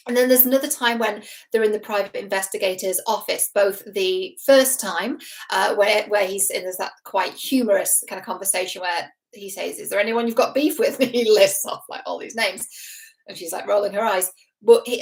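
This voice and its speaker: This is casual reaction commentary from a relationship expert who hosts a show, a woman in her thirties addressing the camera head-on. With earnest, analytical attention she examines one of the show's couples, her mid-pitched voice frequently stalling on fillers and restarting lines while she works through her thoughts.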